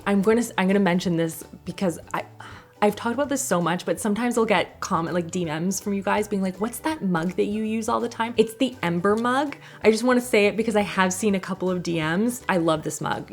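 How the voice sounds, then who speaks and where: A woman casually talking through products she uses at home in a chatty, rambling way, laughing often between thoughts. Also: on the low side. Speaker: lifestyle vlogger.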